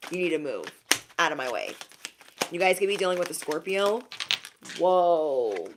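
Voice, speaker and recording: A woman's voice: big pitch swings, normal speed, background noise. A woman giving a casual tarot reading to her viewers, sassy and emphatic, repeating lines for effect. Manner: mocks others in high put-on voices. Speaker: tarot reader.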